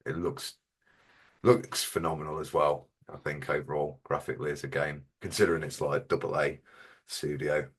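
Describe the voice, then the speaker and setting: A man, co-hosting a gaming podcast in a dry, deadpan, casual way. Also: extremely low pitch, normal speed, slightly rough. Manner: dry, deadpan, mock-superior. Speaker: podcast co-host. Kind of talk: casual gaming chat with comic bits.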